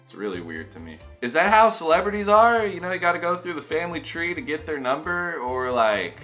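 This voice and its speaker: A young man vlogging, telling a story in a casual, animated way and acting out both sides of the conversation. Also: on the high side, fairly quick, faint music behind.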